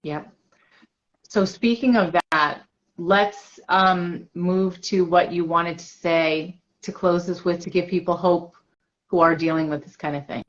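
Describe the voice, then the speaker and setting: A woman hosting an interview, gentle and reassuring with her guest. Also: lowish voice, steady tone, a little slow, lo-fi sound. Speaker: host.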